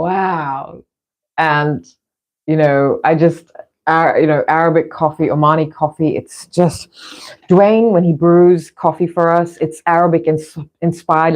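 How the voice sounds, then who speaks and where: A middle-aged woman vlogger chatting casually in a rambling way, with frequent restarts. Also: sits low. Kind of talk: casual chat.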